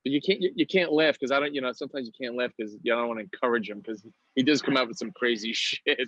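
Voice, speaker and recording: Brief: New York comic guest, animated storyteller, dry close room, slightly dull lo-fi sound. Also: male voice, medium pitch, quick pace, no echo. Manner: acts out prank calls in put-on voices, laughs often. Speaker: comedian guest. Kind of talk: casual podcast interview, storytelling.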